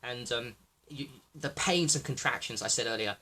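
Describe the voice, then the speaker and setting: A man hosting a livestream, rambling excitably, swearing freely and talking to viewers by name. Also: mid-range voice, moderate pace, husky. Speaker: livestream host.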